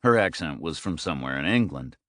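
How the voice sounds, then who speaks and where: A man narrating an audiobook in measured, clipped phrases. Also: a bass voice, expressive, a bit bright, no room sound, clean studio sound.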